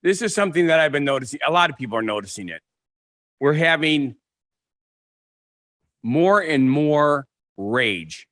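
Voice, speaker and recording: A man's voice: fairly high pitch, animated, normal speed, long pauses, fairly bright tone, no echo. A man co-hosting a casual podcast, cutting in with dry, teasing quips. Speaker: podcast co-host. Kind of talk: casual chat.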